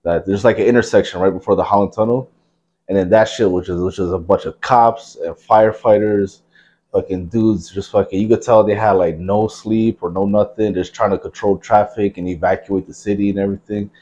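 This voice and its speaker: A man's voice: on the low side, steady tone, fairly quick, dark tone, lo-fi sound. A man in his thirties from New Jersey, hosting a podcast and telling stories in casual, profanity-laced chat. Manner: profane, rambling storyteller. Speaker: podcast host.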